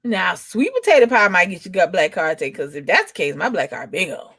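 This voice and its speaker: A woman's voice: on the low side, very animated, brisk, fairly bright tone, slightly rough, no echo. A young adult woman rambling in casual chat, drawling and emphatic as a co-host.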